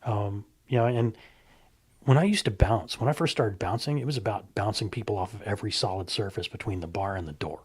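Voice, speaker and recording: A man's voice: lowish voice, brisk, slightly rough. A middle-aged man chatting casually, telling stories with animation and acting out other people's lines. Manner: animated storyteller, acts out quoted voices. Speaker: guest.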